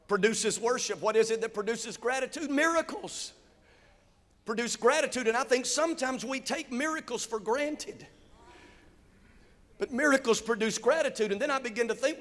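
A man preaching a sermon in a church sanctuary, with call-and-response and rising shouts. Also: very high voice. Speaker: pastor. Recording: long hall reverb.

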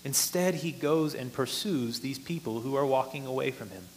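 A man's voice: mid-range voice, normal speed, darkish tone, slight background noise. A man preaching a sermon, explaining a passage earnestly and rising in force for emphasis.

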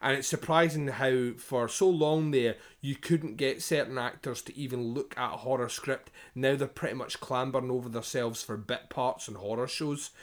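Casting note: man, mid-pitched, rambling podcast co-host, swears easily. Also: fairly even intonation, normal speed, hardly any pauses. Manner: rambling, frequent fillers, swears casually. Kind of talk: casual chat about a TV show.

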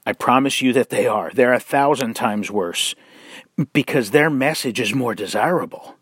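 A man preaching, blunt and mocking, with sarcastic asides, slow and deliberate, drawing out words for emphasis. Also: mid-range voice, a bit bright, slightly rough, dry recording, studio quality. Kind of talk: sermon-style commentary.

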